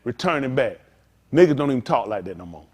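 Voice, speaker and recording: A man's voice: medium pitch, sing-song, fast. A man preaching a sermon as pastor, with call-outs to listeners and acted-out asides.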